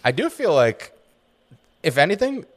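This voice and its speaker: A young man co-hosting a podcast, explaining his views in relaxed casual chat. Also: a little high, unhurried. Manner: relaxed, explaining, often trailing off. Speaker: podcast co-host.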